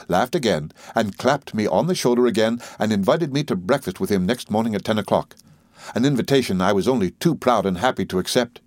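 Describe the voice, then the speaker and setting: A man narrating an audiobook in a measured storytelling manner. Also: on the low side, a little mellow, no room sound, studio quality. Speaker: audiobook reader.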